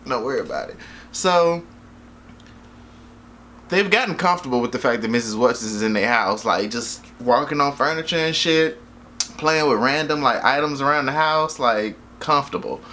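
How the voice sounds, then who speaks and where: A man's voice: medium pitch, expressive, normal speed, sharp tone, slight background noise. A man casually reviewing a movie in a rambling, jokey, profane way, often losing track of names.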